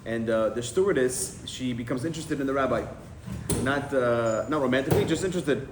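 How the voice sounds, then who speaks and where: A man's voice: medium pitch, a little fast. A man, a rabbi, telling stories to a group of men and acting out the people in them. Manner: animated storyteller, acting out the people in his stories. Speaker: rabbi giving a talk. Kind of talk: storytelling talk. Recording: echoey room with faint noise.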